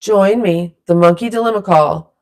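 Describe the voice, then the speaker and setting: A woman leading a silly vocal warm-up in a playful, rambling way, drifting into loose improvised rapping. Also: mid-range voice, moderate pace. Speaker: vlogger leading a vocal exercise. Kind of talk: playful casual instruction.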